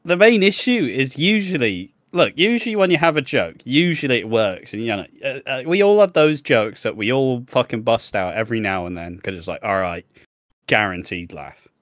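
A man's voice: mid-range voice, big pitch swings, fairly quick, few pauses, dry recording, clean studio sound. A young man co-hosting a podcast in casual chat, rambling and swearing freely, laughing often and losing his train of thought. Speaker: podcast co-host.

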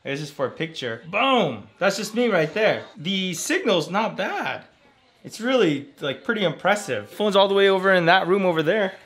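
A man with a bright, sharp voice chats through a casual home vlog. His pitch sits a little high and swings a lot as he talks, and he breaks into laughter often. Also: animated, normal speed, husky. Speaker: vlogger.

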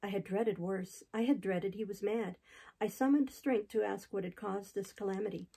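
A woman reads a classic novel aloud with steady, unhurried delivery. Her voice is gravelly and husky, with a warm, mellow tone. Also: mid-range voice, low-quality recording. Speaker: audiobook reader.

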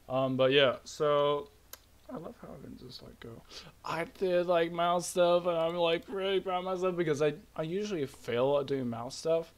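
A young man casually narrating his own game project, rambling with bursts of high-pitched glee. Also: moderate pace. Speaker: hobby game developer. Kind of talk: casual screen-recorded devlog.

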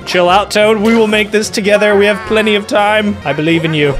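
A young man giving joking let's-play commentary, bantering and yelling at his teammates during a co-op platform game. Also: high voice, fairly quick, few pauses. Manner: jokey, exaggerated, yells at teammates. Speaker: gaming YouTuber. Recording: game music loud behind.

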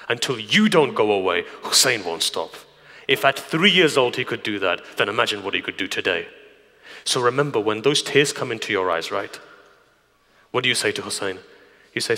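Bright-voiced preacher in a reverberant hall. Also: male voice, medium pitch, lively intonation, a little fast. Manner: storytelling, swings from hushed near-whisper to raised emphatic. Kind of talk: Muharram night sermon. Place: community centre hall.

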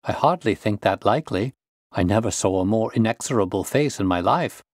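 A man's voice: on the low side, lively intonation, brisk, darkish tone, no echo, studio quality. A man reading the part of a shaken, earnest young engineer in a storybook tale.

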